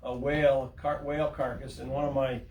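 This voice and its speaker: A man's voice: medium pitch, fairly quick, noisy background. An older man, a fishing captain telling sea stories in casual talk, acting out the voices of the people in them and laughing as he goes. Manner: animated storyteller, acts out quotes, laughs mid-story. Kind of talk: casual storytelling.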